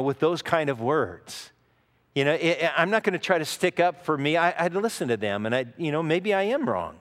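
A man preaching a sermon as a pastor, teaching in an earnest, conversational way with frequent asides. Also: a little high. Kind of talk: expository sermon. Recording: long reverb of a large hall.

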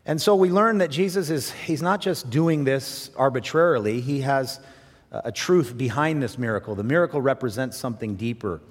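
A man pastor preaching a sermon with passion, swinging from loud, rising bursts to quiet, low drops. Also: moderate pace. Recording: long reverb in a large hall.

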